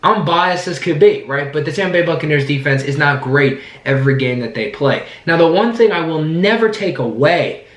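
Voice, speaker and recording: A man with a hoarse voice, hosting his own channel and rambling excitedly about his team. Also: fairly high pitch, moderate pace, few pauses, roomy sound. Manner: rambling, excited, restarts sentences often. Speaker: sports fan channel host. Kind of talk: casual sports vlog commentary. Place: indoor room, sitting down.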